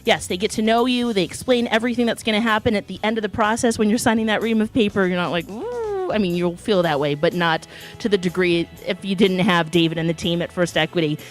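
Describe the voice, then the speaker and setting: A woman's voice: mid-range voice, fast talker, faint music behind. A female radio co-host with a Minnesota accent doing a cheerful live sponsor read. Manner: upbeat, chiming in with quips. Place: live broadcast studio.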